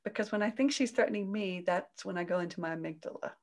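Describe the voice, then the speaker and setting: A woman talking as a parenting coach in an interview. Her delivery is gentle and soothing, with an explaining tone. When she acts out quoted voices, her pitch jumps up sharply. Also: quick pace.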